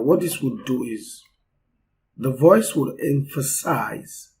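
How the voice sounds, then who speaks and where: Brief: male tutor talking through a coding lesson off the cuff, warm and mellow tone, faint room ambience behind. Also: medium pitch, slight background noise, poor audio. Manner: unscripted, explaining step by step with fillers. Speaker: coding instructor. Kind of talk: screen-recorded coding tutorial.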